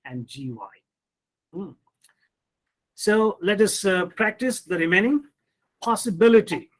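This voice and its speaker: A man teaches pronunciation in an online lesson. His voice sits high and he speaks slowly and deliberately. He drills the class on one word at a time and poses questions that he then answers himself. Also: a bit bright, rough recording.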